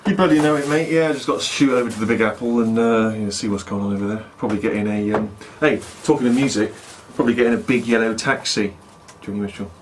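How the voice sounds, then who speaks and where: A man's voice: on the low side, steady tone, quick pace, hardly any pauses, slight background noise. A man in laid-back, joking radio banter as a co-host.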